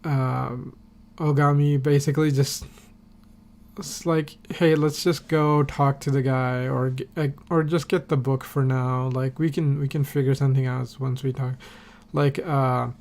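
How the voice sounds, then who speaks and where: A man's voice: mid-range voice, little pitch movement, unhurried, a little mellow. A man recapping a TV episode on a podcast in a casual, rambling way, full of fillers and casual swearing. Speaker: podcast host.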